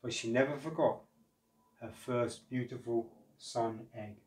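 A man reading a children's storybook aloud in a slow, gentle, expressive way. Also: mid-range voice. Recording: echoey room, distant mic.

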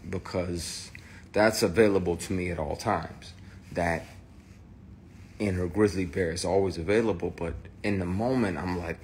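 Deep-voiced man telling a raw story. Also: a little hiss or hum. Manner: emphatic, raw and swearing, with restarts. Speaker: actor. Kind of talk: candid personal testimony.

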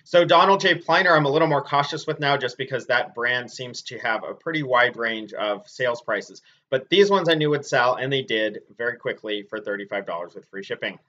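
A man with a bright, forceful voice talks through items he has sold in a relaxed, chatty vlog, pausing often on ums and uhs. The sound is dull and lo-fi, as if from a modest home setup. His pitch sits at an ordinary middle height for a man. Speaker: clothing reseller. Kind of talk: casual product review vlog.

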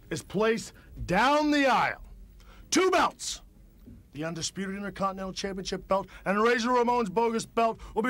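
A cocky man taunts his rival in an old TV wrestling promo, dropping to a slow hush and then bursting into shouts. His voice sits very high and leaps around. The sound is dry and close. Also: no room sound. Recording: archival TV promo.

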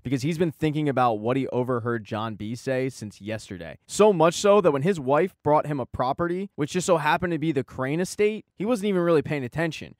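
A man's voice: fairly high pitch, lively intonation, fairly quick, few pauses, darkish tone, no room sound, clean studio sound. A man narrating a TV episode recap in a wry, irreverent way, with crude jokes.

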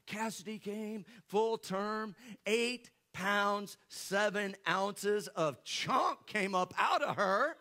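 Pastor, high voice, preaching through a story with jokes. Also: male voice, animated, unhurried, bright, forceful tone. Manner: storytelling, joking with the congregation. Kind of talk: sermon.

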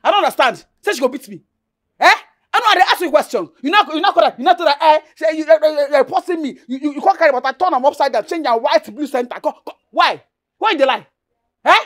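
An actress with a Nigerian accent playing a quarrelsome young woman who mocks and shouts in Pidgin. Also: high-pitched, animated, fast talker. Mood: scornful. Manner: mocking, repeats herself, shouts in Pidgin. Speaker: actress in a film. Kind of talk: Nollywood film drama.

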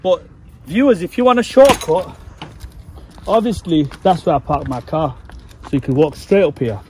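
A man's voice: on the high side, expressive, normal speed, background noise. A man, talking casually to his viewers while walking outdoors on a hillside. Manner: chatty, talks straight to viewers. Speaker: travel vlogger.

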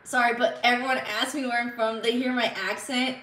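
Woman streamer, bright higher voice, giggly and chatty, roomy sound a bit off-mic. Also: flat delivery, normal speed, few pauses, recorded from a distance, slight background noise. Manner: bubbly, giggly, reads chat messages aloud. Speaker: live streamer. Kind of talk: casual live-stream chat reading.

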